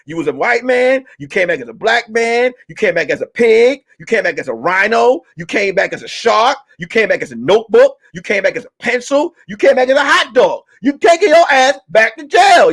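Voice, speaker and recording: A man hosting a comedy talk stream, ranting loudly and profanely about the news. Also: extremely high pitch, normal speed, few pauses. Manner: loud, animated, profane ranting. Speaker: comedian host. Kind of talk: comedic commentary.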